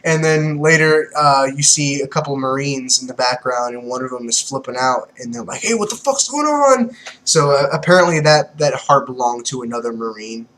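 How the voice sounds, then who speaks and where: A young man giving casual, excitable manga commentary, swearing freely and laughing often. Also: mid-range voice, fairly quick, few pauses, slight background noise, rough recording. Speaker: manga reviewer.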